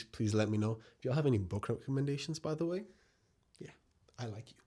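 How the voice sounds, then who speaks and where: A man's voice: medium pitch, expressive, brisk, dark tone. A young man giving a casual, earnest spoken essay to his viewers, reflective and direct. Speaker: video essayist.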